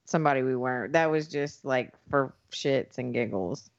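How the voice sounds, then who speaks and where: A woman's voice: extremely low pitch, moderate pace. Southern woman joking, dull lo-fi sound. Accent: Southern American. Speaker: podcast co-host. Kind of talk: casual chat. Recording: dull lo-fi audio.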